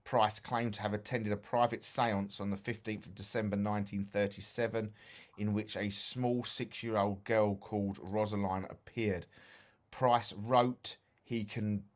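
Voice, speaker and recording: On a ghost-hunting talk show, a sleepy co-host with an Essex accent yawns through casual chat and stumbles over notes he reads out. His fairly low voice is flat and measured.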